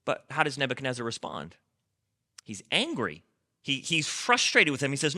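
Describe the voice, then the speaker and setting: A man's voice: mid-range voice, huge pitch swings, moderate pace, pushed and bright. A man preaching a sermon as pastor, speaking conversationally, repeating words and asking rhetorical questions.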